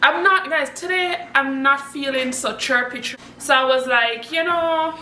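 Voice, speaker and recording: A woman from Jamaica chatting casually to camera at home, laughing often and swooping up high when excited. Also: moderate pace, roomy sound, distant mic, slight background noise. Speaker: vlogger. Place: room at home.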